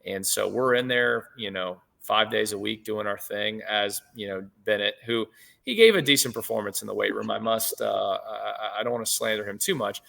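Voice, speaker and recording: A man in his late thirties with a low, gravelly voice that still has a bright, forceful edge. He is a head coach chatting easily in an interview and piling up fillers and restarts as he tells his stories. He sounds like he is on a video call. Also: moderate pace. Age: 30s. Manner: easygoing storyteller, many fillers and restarts. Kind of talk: casual interview chat.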